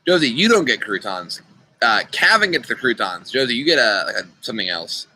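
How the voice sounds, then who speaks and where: Young male youth leader, casual and chatty, bright voice, computer mic. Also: medium pitch, sing-song, a little fast, breathy edge, rough recording. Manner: chatty, playful, talks to kids by name. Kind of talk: casual online riddle game. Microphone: computer mic on a video call.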